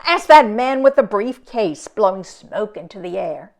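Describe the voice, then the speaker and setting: A woman's voice: mid-range voice, big pitch swings, measured pace. Woman reading as the jester's earnest male sidekick.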